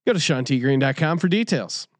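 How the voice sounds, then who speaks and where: A man's voice: mid-range voice, expressive, fairly quick, no room sound. A man co-hosting a sports betting podcast, talking in a brash, hyped, joking way and reading ads. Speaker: podcast co-host.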